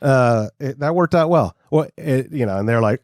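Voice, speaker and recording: Man, podcast co-host, animated and rambling, self-mocking; dry close sound. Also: mid-range voice, moderate pace, no echo. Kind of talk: casual chat.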